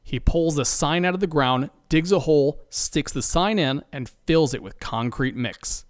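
A man narrating a comedic story in a playful, deadpan way. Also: mid-range voice, moderate pace, few pauses, dry recording, clean studio sound.

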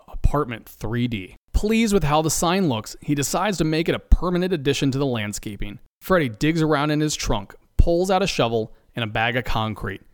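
A man tells a comic story with a playful, deadpan delivery. His pitch moves around a lot, and the sound is close and dry. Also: no room sound. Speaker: narrator and comedian. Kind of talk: comedic story narration.

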